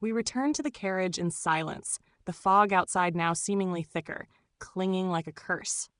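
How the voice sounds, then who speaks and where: A woman narrating an audiobook in steady, even first-person storytelling. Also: lowish voice, normal speed, no room sound.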